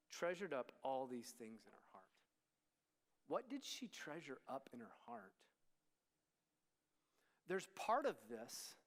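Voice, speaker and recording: A man with a fairly high-pitched, slightly bright voice gives a conversational sermon to a student ministry. He often acts out the lines of the people in the story, and a long hall reverb colors the recording.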